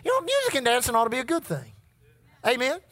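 Preacher, sermon, call-and-response, animated pitch, reads old scripture wording, repeats words. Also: fast talker. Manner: repeats words and restarts when building up.

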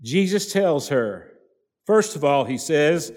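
A man's voice: on the high side, animated, slow pace, darkish tone, long reverb tail. A man preaching a sermon as pastor, emphatic and driving his points home through repetition, in a church sanctuary. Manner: emphatic preaching with repeated phrases.

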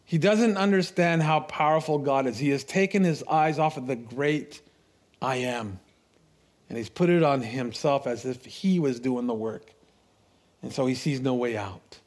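A middle-aged man preaching a sermon, telling stories with laughs and restarts, animated. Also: medium pitch, measured pace. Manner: storytelling, animated, with laughs and repeated words.

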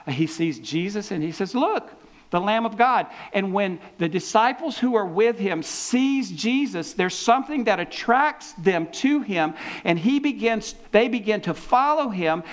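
Man teaching scripture in a higher voice. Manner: animated storytelling with repeated restarts. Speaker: preacher. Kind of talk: conversational Bible teaching.

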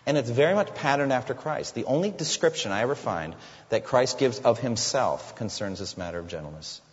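A man's voice: expressive, a little fast. A man preaching a sermon as a pastor, earnest, sometimes acting out the people in his stories. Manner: earnest preaching, voicing quoted figures with rising pitch. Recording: lo-fi sound with long hall reverb.

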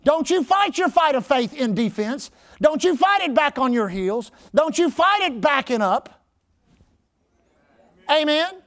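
A male pastor preaching an emphatic sermon, often shouting his exhortations. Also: extremely high pitch, very animated, measured pace.

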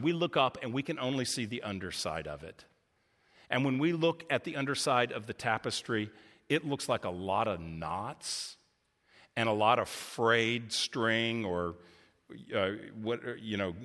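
A man preaching a sermon, passionate as he voices laments to God, calmer and reflective as he explains. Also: unhurried. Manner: impassioned, rising pitch on voiced laments to God. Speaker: pastor. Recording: long hall reverb.

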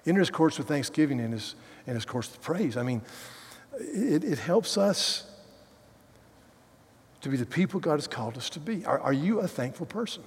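A man preaching a sermon as a pastor, animated, going from loud sarcasm to quiet earnestness. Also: on the high side, normal speed, long pauses, breathy edge. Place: large church hall. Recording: hall reverb.

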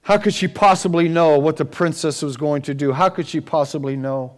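High-voiced male preacher telling a story. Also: moderate pace. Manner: dramatic, storytelling, with rising and falling intensity. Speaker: pastor. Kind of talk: sermon.

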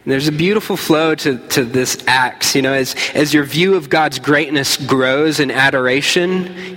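A man's voice: a little high, pushed and bright. A man preaching a sermon as pastor, earnest and conversational. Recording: hall reverb.

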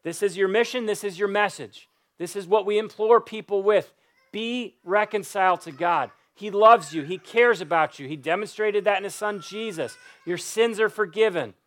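A pastor with a fairly high voice, a man who preaches with earnest, pleading insistence. He drives his points home by repeating phrases, and his sermon moves into prayer. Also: normal speed, few pauses. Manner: earnest, pleading, repetitive emphasis.

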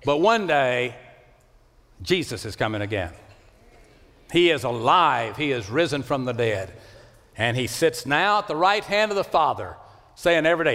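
A man's voice: expressive, normal speed, pauses often. Male pastor, impassioned sermon, big dynamic swings, long church-hall reverb. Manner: impassioned, swings from loud rising calls to low hushed lines. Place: church sanctuary.

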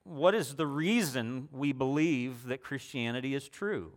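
A male preacher delivering a sermon at an unhurried, deliberate pace. His pitch sits in an ordinary middle range, and he talks conversationally, using repetition and rhetorical questions to press his point.

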